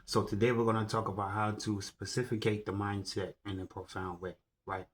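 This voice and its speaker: A man giving a slow, deliberate motivational monologue, often pausing to ask "right?" and correcting himself. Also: lowish voice, flat delivery. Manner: slow, deliberate, keeps asking "right?" and restarting words. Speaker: motivational speaker. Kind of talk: slow solo monologue to camera.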